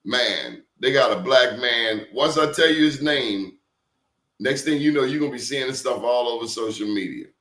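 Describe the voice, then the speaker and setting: A man telling stories in a lively interview, acting out quotes and questioning his listener. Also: mid-range voice, moderate pace, reverberant. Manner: animated storyteller, acts out quotes, asks the listener questions. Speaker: guest. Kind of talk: casual storytelling interview.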